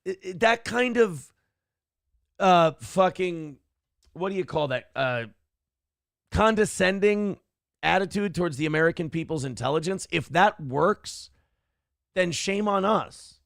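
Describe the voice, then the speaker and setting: A man's voice: high voice, animated, unhurried, gravelly, long pauses, fairly bright tone, dry recording, studio quality. A man hosting a livestream morning commentary show, blunt and profane, rambling through opinions and reading chat comments aloud.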